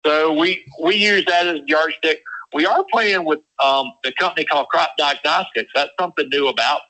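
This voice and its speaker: A man's voice: on the high side, normal speed, bright, forceful tone, poor audio. A man giving a folksy webinar talk as a guest farmer. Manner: folksy, uses y'all.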